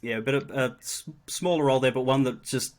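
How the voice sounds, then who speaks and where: An enthusiastic man hosting a live interview on his stream, chatty and quick to laugh as he lines up his questions. His voice sits at an ordinary middle pitch. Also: fairly even intonation. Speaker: host, streamer.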